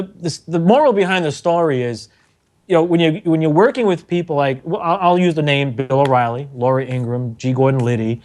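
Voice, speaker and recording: Animated storytelling man, slightly high voice. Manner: animated storyteller, acts out quotes, laughs often. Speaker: radio engineer guest. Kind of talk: telling anecdotes on a talk show.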